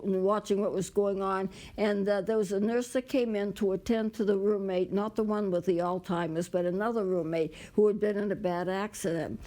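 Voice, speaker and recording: A woman preaching a sermon in a gentle, plain-spoken way, with many pauses, fillers and restarts. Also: mid-range voice.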